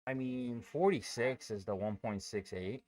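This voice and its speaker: A man's voice: medium pitch, measured pace, a little mellow, dry recording. A man hosting a day-trading livestream, chatting casually, joking and swearing. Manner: joking, loose and profane.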